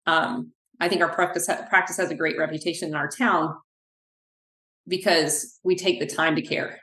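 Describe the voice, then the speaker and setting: A woman with a fairly low voice speaks as a physical therapist guest in an interview. She tells animated stories and acts out what people said to her. The recording carries the echo of a room. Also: moderate pace. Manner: animated, acts out quoted dialogue. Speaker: physical therapist, clinic owner. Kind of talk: podcast interview, conversational storytelling. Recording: echoey room.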